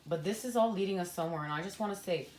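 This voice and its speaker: A woman's voice: on the low side, very fast, darkish tone. A woman giving a spiritual tarot card reading at home, talking earnestly and passionately with a rambling flow.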